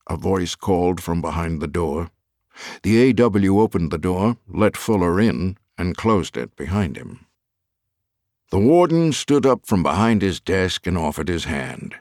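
A man narrating an audiobook thriller in an expressive, lively reading on a close studio mic. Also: deep voice, measured pace, no room sound.

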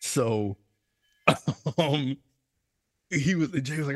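A young man co-hosting a gaming podcast, telling stories in a loose, animated way, laughing and raising his voice when quoting others. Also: medium pitch, takes it slowly, dry recording, studio quality. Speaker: podcast co-host. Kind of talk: casual storytelling chat.

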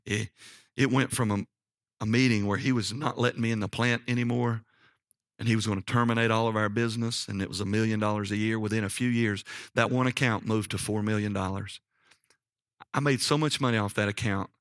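A middle-aged man preaching a sermon, telling personal stories in a folksy, animated way and often checking in with "okay?". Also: fairly low pitch, dry recording, studio quality.

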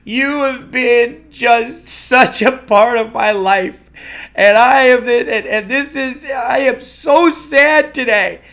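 A man voicing an emotional older woman calling in to a radio show, high and tearful. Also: slow, fairly bright tone, heavily acted.

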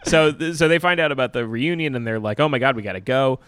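A man co-hosting a film podcast, talking through a movie's plot in a loose, easygoing way. His voice is clean and smooth, recorded close on a dry mic. He drops the odd swear word and sounds amused. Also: medium pitch, quick pace, a bit bright, dry recording. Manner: laid-back, swears casually, laughs often. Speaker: podcast co-host. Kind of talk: casual movie recap chat.

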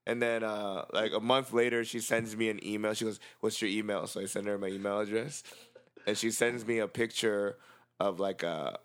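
A man in casual chat with friends, telling a lively story and acting out the people in it. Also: lowish voice, normal speed, smooth. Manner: animated anecdote-telling, acts out his mom's lines.

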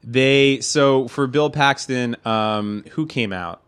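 Tired, profane man host, mid-pitched, rambling animated banter. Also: slow, smooth. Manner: rambling, swears often, animated retellings. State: tired and drinking. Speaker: podcast host.

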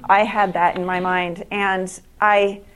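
A woman's voice: medium pitch, flat delivery, takes it slowly, a bit bright. A middle-aged woman giving a speech to an audience, telling stories earnestly and often restarting and repeating words. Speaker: speaker at an evening event.

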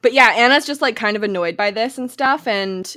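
Animated woman recapping, slightly high voice. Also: brisk. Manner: animated, acts out characters' lines in funny voices. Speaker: podcast co-host recapping a TV episode. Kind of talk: casual chat.

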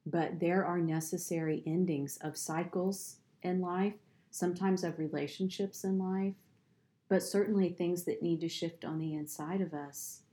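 Woman, deep voice, podcast host, encouraging, faith conversation. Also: steady tone, unhurried, dark tone. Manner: encouraging, affirming listener.

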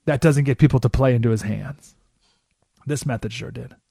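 A man hosting a talk radio show, telling stories with animated delivery and asking rhetorical questions. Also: mid-range voice, normal speed, gravelly, husky, dry recording, studio quality. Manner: animated storytelling with frequent rhetorical "right?"; acts out quoted voices.

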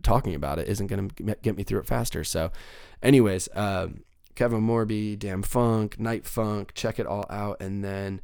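Young male podcaster, gravelly, swears a lot, loose rambling chat, dry booth sound. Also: lowish voice, moderate pace, darkish tone, no room sound. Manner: rambling, profane, upbeat. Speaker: podcast host. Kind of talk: casual solo podcast monologue.

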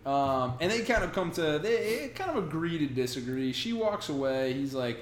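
A man casually recapping a comic book with friends, acting out characters in quick bursts. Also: on the high side. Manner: animated retelling, acts out characters in quick bursts. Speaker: podcast co-host recapping a comic. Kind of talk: casual chat. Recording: roomy sound with faint noise.

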